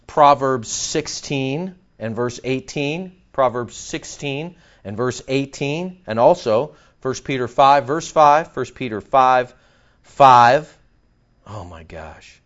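Male pastor, conversational sermon delivery, mid pitch, muffled lo-fi capture. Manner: animated, conversational, jokes with the congregation. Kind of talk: expository sermon.

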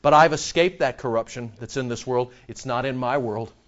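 A man preaching a sermon as pastor, animated and sarcastic, firing rhetorical questions at the congregation. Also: mid-range voice, normal speed, lo-fi sound.

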